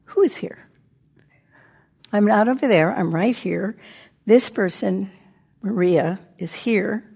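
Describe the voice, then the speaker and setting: A woman teaching meditation in a relaxed, conversational way. Her voice is husky with a gravelly edge, and now and then it sinks to a near-whisper. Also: mid-range voice, slow pace, pauses often. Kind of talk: dharma talk. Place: meditation center talk.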